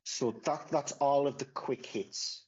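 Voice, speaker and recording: A man's voice: mid-range voice, slow pace, darkish tone, slightly rough, lo-fi sound. A man from northeast England, chatting casually and matter-of-factly as a podcast co-host. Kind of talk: casual chat.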